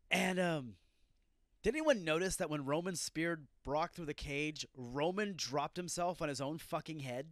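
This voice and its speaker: A man's voice: a little high, unhurried, dry recording, studio quality. A man hosting a solo wrestling review podcast, ranting and swearing as he reacts to a show. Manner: profane, ranting, irritated outbursts. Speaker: podcast host.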